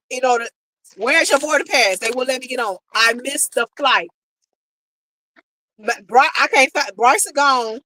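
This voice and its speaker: A woman's voice: sits high, poor audio. An American woman vlogger telling a personal travel story to her viewers in a casual, emotional way, acting out what people said. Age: adult, married. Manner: emotional, animated retelling, quotes people, talks to viewers directly.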